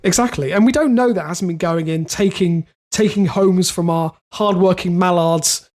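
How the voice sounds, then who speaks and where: A man's voice: high-pitched, moderate pace, a little mellow. A young man co-hosting a podcast, reading odd news stories aloud and wandering into jokes. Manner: reads news then rambles off in jokes. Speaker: podcast co-host, reads the stories. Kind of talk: casual comedic chat.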